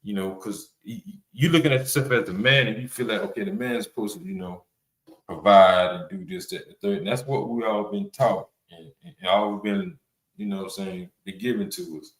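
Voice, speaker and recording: A man's voice: lowish voice, brisk, fairly bright tone. Blunt, rambling man in an echoey room. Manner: blunt, rambling, profane, many fillers. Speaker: host of a reaction podcast panel. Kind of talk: casual reaction commentary. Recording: roomy echo.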